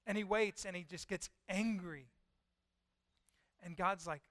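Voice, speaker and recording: A male pastor preaching a sermon and retelling a scripture story with lively storytelling. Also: high voice, unhurried, pauses often, no room sound. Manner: lively storytelling, voicing God and Jonah in quotes.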